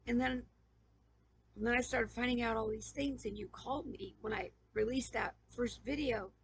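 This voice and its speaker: A woman YouTuber makes an emotional personal appeal to camera, pleading, stammering, and asking the same questions again as she nears tears. Her raspy, gravelly voice is a little high, steady in tone and moderate in pace, captured on a rough recording.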